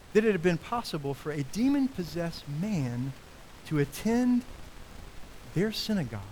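Male pastor, sermon, animated delivery, slightly high voice, faint hiss. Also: poor audio. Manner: animated preaching, rising high for quoted cries.

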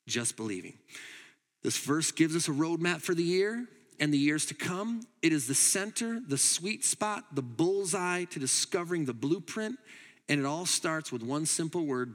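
Pastor guy preaching, kinda high voice, goes loud then quiet, big echoey church. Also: expressive, measured pace. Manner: emphatic, swings between loud urging and quiet asides. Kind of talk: sermon. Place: church hall.

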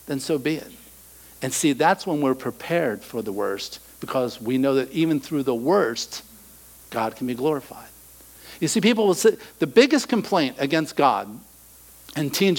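A middle-aged male pastor preaching a sermon, animated, acting out quoted voices and dropping to soft asides. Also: mid-range voice, rough recording.

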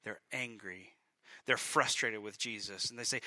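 A male pastor preaching a sermon, emphatic, building to loud peaks and dropping to quiet lines. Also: on the low side, normal speed, no room sound.

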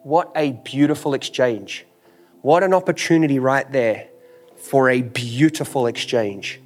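A pastor preaches a sermon in an emphatic, repetitive cadence, full of rhetorical questions and casual phrasing, informally dropping into "ain't." His mid-range voice moves a little slowly over faint music.

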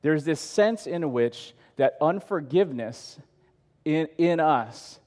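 A man's voice: a little high, animated, takes it slowly, a little mellow. A man preaching a sermon, reading scripture and adding casual, conversational asides. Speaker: pastor. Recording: long hall reverb.

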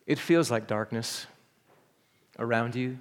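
A man's voice: mid-range voice, slow. A man preaching a sermon at a church service, earnest and building to urgent appeals. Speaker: pastor.

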